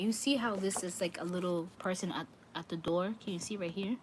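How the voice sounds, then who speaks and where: A woman's voice: fairly low pitch, fairly even intonation, fairly quick, hardly any pauses, slight background noise. A woman giving a livestream tarot reading, talking earnestly and repeating phrases for emphasis. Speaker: tarot reader.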